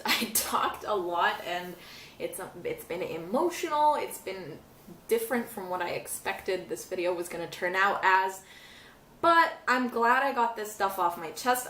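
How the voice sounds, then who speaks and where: A woman's voice: medium pitch, a bit bright, distant mic, a little hiss or hum. Young woman vlogging in an echoey room. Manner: rambling, laughing through tears. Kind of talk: casual talk to camera.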